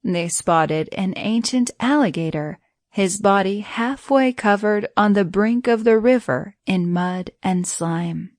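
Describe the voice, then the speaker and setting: A woman narrating a bedtime story in a gentle, even reading voice. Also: mid-range voice, takes it slowly, no echo, studio quality.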